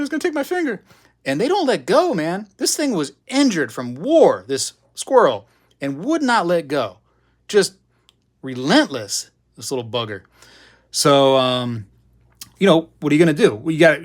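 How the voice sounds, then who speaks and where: Chatty middle-aged man telling a rambling story. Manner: chatty, digressive, lots of fillers and asides; gets loud and high when excited. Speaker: host of a live hobby show. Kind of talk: casual rambling storytelling on a live stream.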